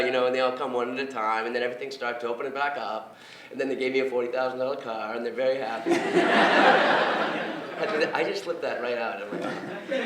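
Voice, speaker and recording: A man giving an animated, blunt recovery talk in a lecture room, joking and swearing as he goes. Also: medium pitch, brisk. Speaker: guest speaker on addiction recovery. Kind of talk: informal public talk. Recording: echoey room, distant mic, faint noise.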